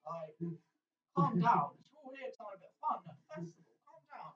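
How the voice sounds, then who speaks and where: A woman's voice: mid-range voice, fairly quick, lightly acted. Woman doing a soothing festival father. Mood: placating. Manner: soothing, calming. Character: placating worried father at a festival. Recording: distant muffled room recording.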